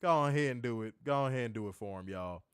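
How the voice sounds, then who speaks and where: A man's voice: medium pitch, lively intonation, fast talker, fairly bright tone, clean tone, no room sound, clean studio sound. Joking, swearing man reviewing wrestling. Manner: loose, joking, reads chat comments, summarizes show. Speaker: podcast co-host reviewing wrestling. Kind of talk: casual profane review chat.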